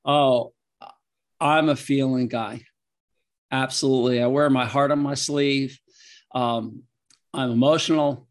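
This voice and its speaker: A man's voice: medium pitch, fairly even intonation, unhurried, pauses often. Chatty man telling laughing anecdotes. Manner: laughing, emotional, rambling anecdotes. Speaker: guest, veterinarian and author. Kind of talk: casual interview answers with storytelling.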